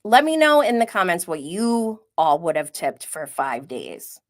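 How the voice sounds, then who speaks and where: Animated woman recapping reality TV. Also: lowish voice, measured pace. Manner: chatty, animated and opinionated, with laughs and quoted asides. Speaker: reality TV commentary host. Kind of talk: live-stream reality TV recap.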